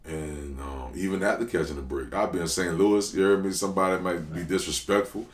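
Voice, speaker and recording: A man tells stories as a rapper guest in a relaxed interview. He talks in a slangy, animated way that jumps up in quick bursts of excitement. The room gives his voice a noticeable echo. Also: deep voice. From New Orleans. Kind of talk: casual interview storytelling. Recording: roomy echo.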